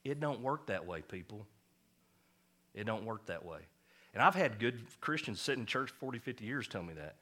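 A pastor preaching to his congregation in a low, forceful voice, hammering points home with a folksy, joking edge. He leans on repetition and plain talk. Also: very animated, normal speed. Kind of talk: sermon.

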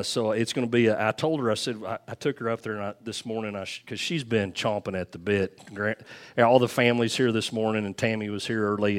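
Pastor guy, middle-aged, kinda low voice, rambly and folksy, handheld mic in church. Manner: folksy and rambling, with self-restarts and chuckles. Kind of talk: casual church talk before baptisms. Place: church sanctuary. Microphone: handheld microphone.

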